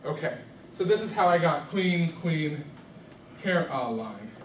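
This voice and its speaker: A man's voice: a little high, normal speed, a little hiss or hum. A man teaching rhythm to a class, often checking that his students follow along. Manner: questioning, checks understanding often. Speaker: music teacher. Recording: echoey classroom from far off.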